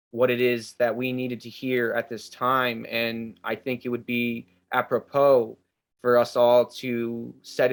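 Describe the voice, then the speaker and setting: A man hosting a spiritual group ceremony over a video call. He speaks earnestly and reflectively and reads participants' comments aloud. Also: medium pitch. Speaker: ceremony host.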